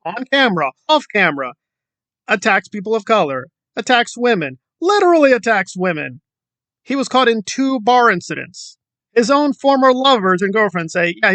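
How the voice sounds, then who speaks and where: A man's voice: high-pitched, bright, forceful tone, no room sound. A man hosting his own online commentary channel, talking in a sarcastic, mocking, emphatic way.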